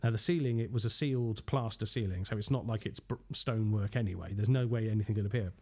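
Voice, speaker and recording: Guy, ghost hunter, telling animated ghost stories on a podcast, laughs a lot. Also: fairly low pitch, fast. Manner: animated anecdotes, laughs often, acts out quotes. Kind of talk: casual storytelling on a podcast.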